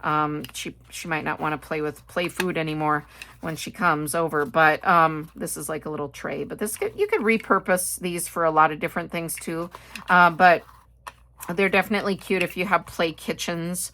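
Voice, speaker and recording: A middle-aged woman with a Midwestern American accent talks through her purchases in a relaxed, rambling way. Her voice sits a little low, and she fills pauses with "um" and side comments. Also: a little hiss or hum. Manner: chatty, rambling, with frequent fillers and asides. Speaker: haul video host. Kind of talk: casual chat.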